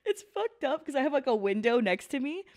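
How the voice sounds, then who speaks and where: A young woman chats through an anime reaction from a large open room at home, close on a headset. Her voice sits fairly high and swings widely. She laughs often and swears freely. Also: brisk. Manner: animated, laughs a lot, swears casually. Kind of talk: casual reaction commentary.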